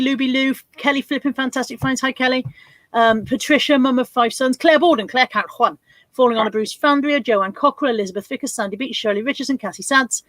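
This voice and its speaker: A woman hosting a casual livestream from her home desk, chatting and reading out viewer names in quick lists. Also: on the high side, fairly bright tone, dry recording. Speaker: livestream host.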